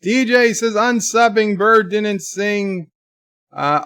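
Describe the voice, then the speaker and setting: A man's voice: sits high, slow, pushed and bright, clear, resonant tone, dry recording, clean studio sound. A man hosting a casual livestream who reads viewers' chat messages aloud and answers them. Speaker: livestream host.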